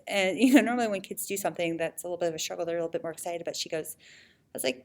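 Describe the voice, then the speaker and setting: A woman in her thirties speaks to parents in a casual video update for a children's ministry. Her voice sits a little low, and she chats along loosely with plenty of fillers and frequent laughs. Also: very fast, darkish tone. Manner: chatty, laughs often, many fillers.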